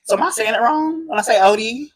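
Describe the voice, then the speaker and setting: A woman hosting a relaxed interview podcast. She asks easygoing questions and keeps the guest going with steady "mm-hmm"s and quick affirmations. Her delivery is casual and friendly. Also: on the high side. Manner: frequent affirming backchannels.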